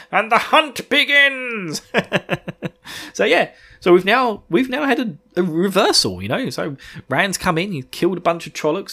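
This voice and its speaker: A man's voice: fairly high pitch, a bit bright. A man hosting a casual book podcast, enthusiastic and rambling, laughing often. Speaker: podcast host.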